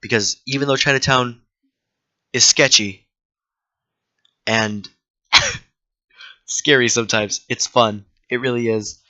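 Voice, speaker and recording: A man with a bright, forceful voice rambles excitedly through loose stories and cusses freely while playing a trivia game. He sounds close and dry, through a slightly dull, lo-fi desk mic. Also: medium pitch, slow, pauses often, no room sound. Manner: rambling, excitable storyteller who swears freely. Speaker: gaming video creator.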